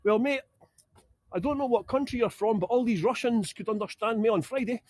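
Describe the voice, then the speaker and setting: A man's voice: extremely high pitch, fairly quick, darkish tone. A Scottish man leading a live walking tour outdoors in a graveyard, chatty and joking. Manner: chatty and joking, laughs often. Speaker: tour guide.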